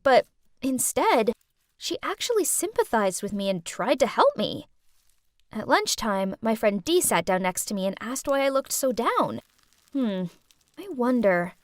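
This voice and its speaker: A woman's voice: on the high side, dry recording, clean studio sound. A woman telling a scripted first-person storytime in a chatty, dramatic teen persona. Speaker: storytime narrator.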